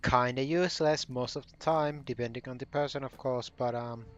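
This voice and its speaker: A man's voice: medium pitch, fairly even intonation, moderate pace, highs cut off. A man casually commenting while playing a video game, rambling and often correcting himself. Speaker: gaming channel host. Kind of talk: casual let's play commentary.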